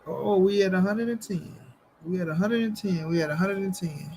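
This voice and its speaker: A man with a high voice hosts a casual boxing stream, reading viewer comments and answering them directly. He talks in loose slang and repeats his lines for emphasis. A faint background hum sits under his voice. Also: normal speed, creaky, darkish tone. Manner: slangy, repeats phrases, addresses chat directly. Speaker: boxing livestream host.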